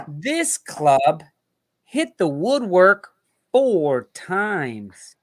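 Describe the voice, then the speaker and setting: An American man hosts a trivia hangout with slow, unhurried speech. His voice is bright and fairly high for a man. He jokes, swears and laughs his way through it. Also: lively intonation. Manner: laughing, swearing, jokey asides. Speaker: host. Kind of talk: casual trivia banter.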